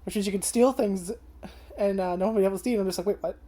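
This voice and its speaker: A woman's voice: medium pitch, racing, mellow. A young woman ranting casually about an anime's first episode, swearing a lot and filling her talk with "like" and "um". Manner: chatty and profane, with many fillers. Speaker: anime reviewer. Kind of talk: casual first-impressions rant.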